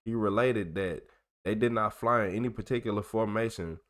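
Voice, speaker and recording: Style: loose reading commentary. Sex: man. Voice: low. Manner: trips over long words. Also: brisk. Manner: stumbles over long words and corrects himself; loose, joking asides in slang. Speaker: channel host. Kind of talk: casual commentary while reading documents aloud.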